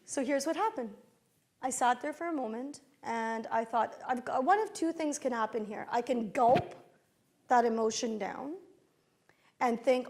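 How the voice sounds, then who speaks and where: A middle-aged woman giving a motivational keynote at a conference, telling personal stories with lively shifts. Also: fairly high pitch, a little slow. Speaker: keynote speaker. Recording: speaking to a conference audience.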